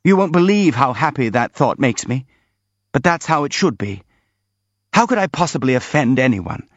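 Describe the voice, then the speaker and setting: A man voicing a gentle young prince who is overwhelmed and tender, speaking earnestly in a raised voice. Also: big pitch swings, moderate pace, no room sound. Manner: earnest, pleading, higher voice. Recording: slightly dull dry recording.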